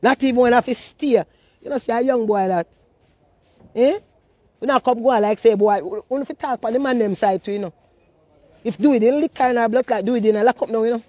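A woman with a Jamaican accent ranting in heavy patois, scolding and animated. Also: a little high, brisk, no echo. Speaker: social media personality. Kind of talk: ranting monologue.

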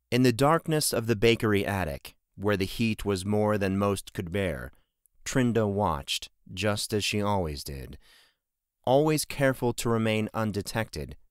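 Low-voiced male audiobook narrator. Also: smooth, no echo, studio quality. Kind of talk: scripted narration.

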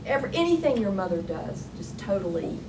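A woman author tells a story to a live panel audience, her voice picked up from some distance with a steady hiss behind it. She speaks at a middling pitch and slips readily into laughter. Her speech is full of restarts and animated asides. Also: a little fast. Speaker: panelist, author and writing professor. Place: lecture hall at a public panel. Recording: distant, noisy hall recording.

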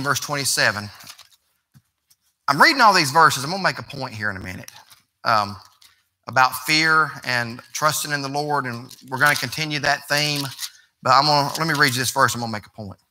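A man's voice: medium pitch, normal speed, bright, forceful tone. A man, preaching a sermon as pastor in a folksy, conversational way that rises to emphatic preaching.

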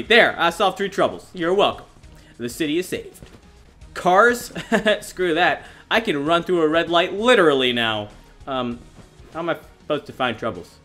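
Excitable young man narrating his gameplay. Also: a little high, normal speed, faint music behind. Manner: excitable, self-mocking, bursts into laughter. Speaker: gaming YouTuber. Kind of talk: gameplay commentary.

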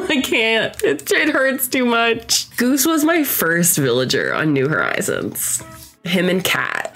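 Expressive young woman streamer, lively pitch. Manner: chatty, expressive, laughs often. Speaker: gaming streamer. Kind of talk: casual gameplay commentary. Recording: faint game music behind.

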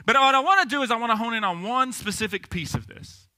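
A young man preaching a sermon, retelling a Bible story in a casual, animated way with slang. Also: very high voice, quick pace. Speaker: pastor.

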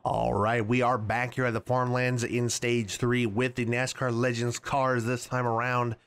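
A man commentating his own racing game play in a casual, excitable way, with sudden loud yelps at crashes. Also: medium pitch, a little slow, clear, resonant tone. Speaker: gaming channel host. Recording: noisy game audio underneath.

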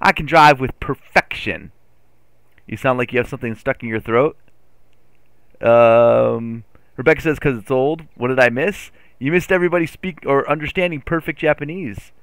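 A man streaming a farming game live, chatting playfully with his chat and getting excitable over his driving. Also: medium pitch, moderate pace, smooth, dry recording. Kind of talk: live gameplay commentary.

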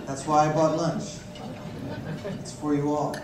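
High-voiced man doing stand-up in an echoey hall. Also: level tone, measured pace. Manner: teasing, mock-accusing the audience. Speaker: stand-up comedian. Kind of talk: stand-up comedy routine. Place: large conference hall. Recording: echoey hall, distant mic, noisy.

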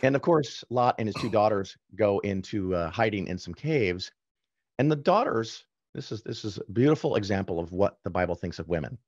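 A man with a fairly low voice tells stories in an easy, chatty way. He breaks off into quick asides and corrects himself as he talks. The sound is dry and a little dull, with a lo-fi edge. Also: lively intonation, no echo. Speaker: podcast guest. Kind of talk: casual storytelling in conversation.

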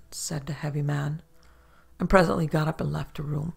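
A woman reads a classic ghost story aloud at a steady, unhurried pace. Her voice sits low and carries a strong gravelly edge with a husky grain. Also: soft background music. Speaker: narrator and producer. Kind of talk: storybook narration.

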